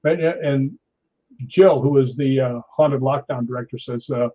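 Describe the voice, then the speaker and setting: Speaking a little slowly at medium pitch, this sixty-something interview guest is a lively storyteller who performs the voices of the people he quotes. The sound quality is dull and lo-fi.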